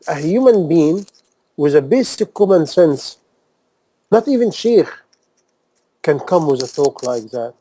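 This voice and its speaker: Impassioned preacher man, dark-toned. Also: on the high side, animated, a little slow, pauses often, rough recording. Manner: emphatic, repeats phrases, fires rhetorical questions; non-native English grammar. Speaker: Islamic preacher. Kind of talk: impassioned sermon talk.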